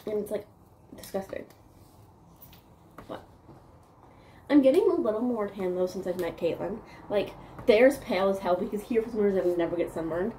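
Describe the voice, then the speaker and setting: A young woman from Newfoundland, Canada, vlogs in a chatty, rambling, giggly way, saying "like" constantly. Her mid-range voice is expressive and dark-toned, at normal speed with long pauses, and there's slight background noise.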